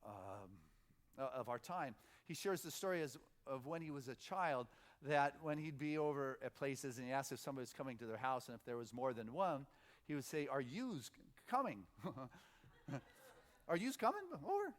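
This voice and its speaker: Speaking fairly quickly at a medium pitch, the minister delivers a casual sermon at a spiritual center. He halts and starts over, then gathers steam by repeating phrases.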